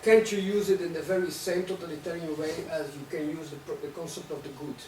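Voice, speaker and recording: A man's voice: a little high, fairly even intonation, fast. A man in the audience posing provocative questions in an academic discussion, often tagging his points with "right?". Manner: provocative, rhetorical, tags statements with "right?". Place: lecture hall. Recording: echoey room, distant mic, faint noise.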